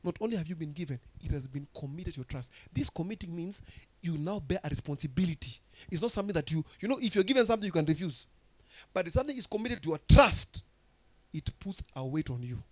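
A man with a Kenyan accent preaching a sermon, asking the congregation questions and swinging from soft, low passages to loud, rising exhortation. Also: lively intonation, fast talker, no echo. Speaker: pastor.

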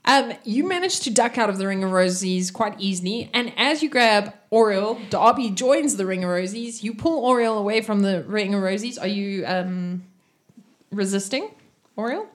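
A woman's voice: mid-range voice, expressive, moderate pace. A woman narrating a tabletop game as game master, in a loose, chatty way.

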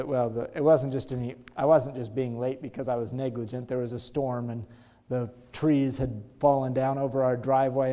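A man preaching a sermon, telling stories and slowing down to press his points. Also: medium pitch, dark tone. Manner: storytelling, slows down for emphasis.

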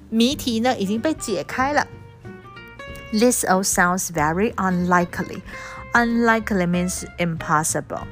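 Slow, patient woman teaching English vocabulary. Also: mid-range voice, fairly bright tone. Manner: spells out words letter by letter, switching between languages to explain. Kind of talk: reading a storybook aloud and explaining words.

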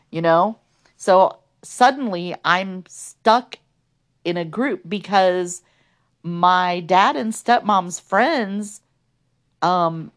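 A woman telling her life story in a podcast, earnest and conversational, with many fillers. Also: on the low side.

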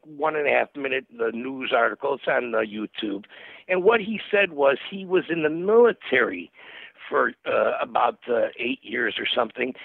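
An older man with a gruff voice, calling in to a radio talk show and explaining at length. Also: a little high, no echo. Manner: rambling, emphatic explanation. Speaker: caller. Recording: dry tinny phone line.

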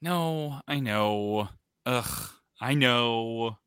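A man co-hosting a casual chat, telling stories with animated energy and frequent laughter. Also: medium pitch, very slow, clear, resonant tone, no echo, studio quality. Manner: animated storyteller, laughs often. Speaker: podcast co-host.

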